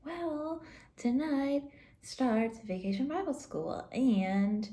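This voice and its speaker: A woman teaching Sunday school who reads a silly picture book aloud to children, playful and quick to giggle. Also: mid-range voice, dark tone. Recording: roomy echo.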